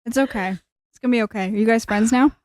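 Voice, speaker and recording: A woman co-hosting a casual podcast chat, with short wry quips and deadpan asides. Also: on the high side, fast, no echo, studio quality. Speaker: podcast co-host.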